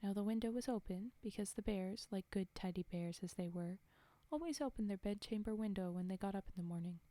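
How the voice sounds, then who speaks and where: A woman whispering a fairy tale slowly and softly as a storyteller, in a whispered role-play reading. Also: mid-range voice, no room sound. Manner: soft, slow, whispered reading. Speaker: storyteller and streamer.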